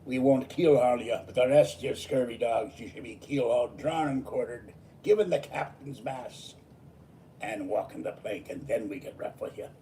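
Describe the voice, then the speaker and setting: A man voicing a blustering old pirate captain, speaking from the top of his mouth and booming out threats of pirate punishments. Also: normal speed, warm tone, slight background noise, close to an everyday voice, low-quality recording.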